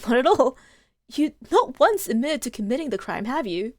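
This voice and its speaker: A woman voicing an earnest young male law student who speaks gently and sincerely. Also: high voice, very animated, normal speed, no room sound, studio quality. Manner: earnest, gentle, softly spoken.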